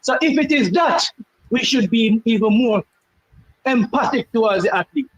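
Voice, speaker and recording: A man's voice: extremely high pitch, lively intonation, normal speed, no room sound, lo-fi sound. A man with a Jamaican accent in a casual sports chat, speaking earnestly and teasing the others.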